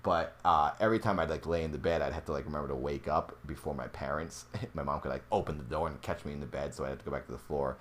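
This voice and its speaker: A man's voice: fast talker, hardly any pauses. Young man telling a ghost story. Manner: animated, jumps to high excited pitch when tense. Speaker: podcast host. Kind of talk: casual storytelling.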